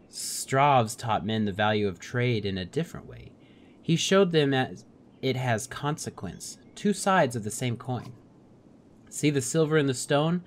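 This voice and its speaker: A man voicing a calm, wise mystic woman. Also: medium pitch, slight background noise, close to an everyday voice. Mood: solemn.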